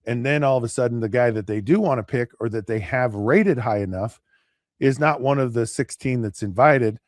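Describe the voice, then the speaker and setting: Man, casual sports talk host, rambling, lots of restarts, middle pitch, dry close sound. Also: no echo. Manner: rambling, many restarts and repeated words; acts out players and pundits in quick asides. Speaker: podcast co-host.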